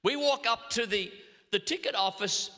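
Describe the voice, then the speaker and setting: A middle-aged Australian man preaching a sermon, telling funny stories with quick restarts. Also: very high voice. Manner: animated humorous storytelling with quick restarts. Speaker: pastor. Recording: long hall reverb.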